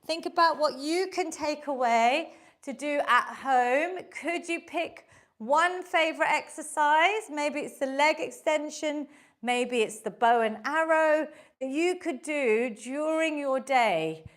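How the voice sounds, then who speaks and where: Here a woman teaches a live online fitness session, exercising along and offering encouragement and coaching, her breath a bit labored. Her voice is high-pitched and her delivery slow.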